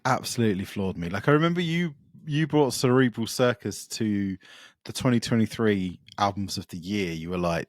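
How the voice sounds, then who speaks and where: A man's voice: fairly low pitch, lively intonation, fairly quick, no echo, studio quality. A man co-hosting a music podcast, chatting casually and enthusiastically about upcoming records, rambling with lots of fillers. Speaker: podcast co-host.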